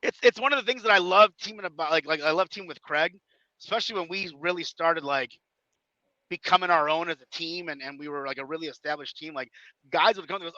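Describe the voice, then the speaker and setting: A man telling animated stories in a casual podcast chat, acting out quotes and laughing often. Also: a little high, fast, dry recording, lo-fi sound. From Chicago area. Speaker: guest wrestler.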